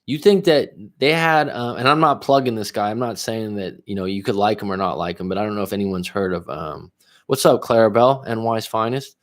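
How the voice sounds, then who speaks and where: Man, relationship coach, livestream, blunt, swears, lowish voice. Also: brisk. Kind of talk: livestream advice, reading viewer comments.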